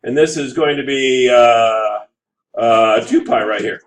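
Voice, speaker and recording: Slow and mid-range in pitch, a man lectures a math class on a low-quality recording. He reasons through graphs aloud in an animated way, frequently asking students to check with him.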